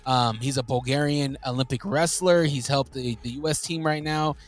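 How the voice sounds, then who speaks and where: A man's voice: medium pitch, fairly even intonation, normal speed. A man co-hosting a wrestling podcast, talking animatedly in casual chat, laughing often and using lots of fillers. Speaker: podcast co-host.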